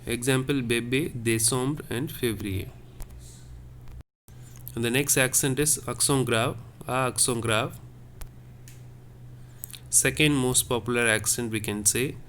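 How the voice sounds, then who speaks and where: A man's voice: mid-range voice, a little slow, long pauses, fairly bright tone. Man, teacher, classroom lesson, patient, repeats each point, faint background noise. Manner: patient, repetitive, explains step by step. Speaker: French teacher. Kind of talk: classroom lesson explaining French accents.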